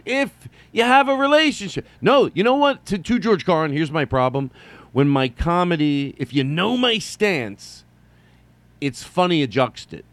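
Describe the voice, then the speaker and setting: A man's voice: a little high, very animated, measured pace, fairly bright tone, no echo. Rambling joking male comedy podcaster. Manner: rambling, self-interrupting, jokey asides and mock voices. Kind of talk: rambling solo comedy monologue.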